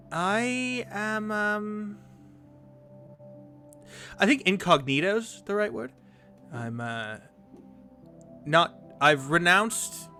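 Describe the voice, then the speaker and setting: A man voicing an evasive young nobleman who talks haltingly, with many pauses. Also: sits high, pushed and bright, pitched above the performer's own voice, exaggerated voice. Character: evasive young nobleman hiding his title.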